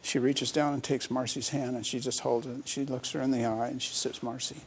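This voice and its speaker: This is a middle-aged man speaking in an interview. His voice sits at an ordinary, middle pitch. He recounts a personal story in an earnest, reflective way. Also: flat delivery, a little fast, slight background noise. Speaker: interview guest, author.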